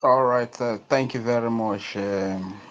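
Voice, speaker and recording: Slow-talking man hosting a call. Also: mid-range voice, a bit bright, highs cut off.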